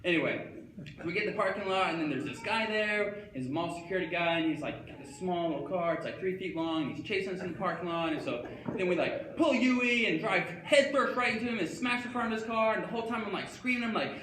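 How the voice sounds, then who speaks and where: A man's voice: high voice, expressive, fast, fairly bright tone. A young man doing a comic stage monologue, dopey and starstruck, rambling with manic outbursts. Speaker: comedic monologue performer. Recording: echoey hall, faint ambience.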